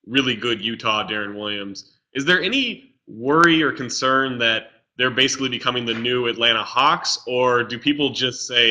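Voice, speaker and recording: A man's voice: mid-range voice, moderate pace, few pauses, sharp tone. A man co-hosting a casual podcast chat who asks long, probing questions. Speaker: co-host.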